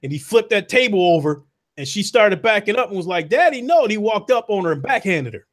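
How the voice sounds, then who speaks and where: A man, calmly recounting his playthrough in a casual chat. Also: high-pitched, quick pace. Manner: relaxed, laughs along, recounts gameplay.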